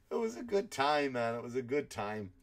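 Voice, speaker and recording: A man with an Irish accent, a comedian hosting a podcast, telling stories in an animated, swear-filled rant. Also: medium pitch. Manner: animated storytelling with frequent swearing. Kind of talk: ranting comedic monologue.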